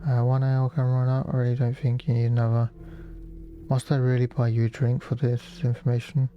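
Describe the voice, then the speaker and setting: A man's voice: medium pitch, completely flat delivery, fairly quick, highs cut off, faint music behind, close to an everyday voice. A man voicing a prim young Victorian woman who speaks politely and formally.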